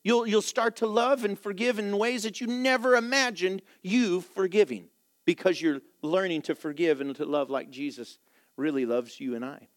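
A man teaching a Bible lesson from slides in sermon style, animated, self-deprecating and often laughing. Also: high-pitched, normal speed, no echo, studio quality.

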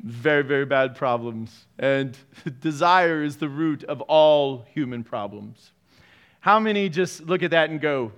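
A man's voice: on the high side, moderate pace, fairly bright tone, clear, resonant tone. A man pastor giving a sermon, joking, laughing often and throwing sarcastic asides to the congregation.

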